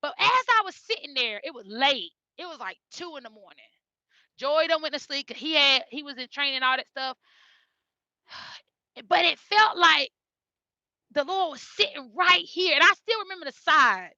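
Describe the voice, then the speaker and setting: A woman's voice: sits high, lively intonation, moderate pace, pushed and bright, no echo. A woman telling her family's story in an earnest, heartfelt way, often repeating her phrases. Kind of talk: emotional personal storytelling. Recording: dull lo-fi recording.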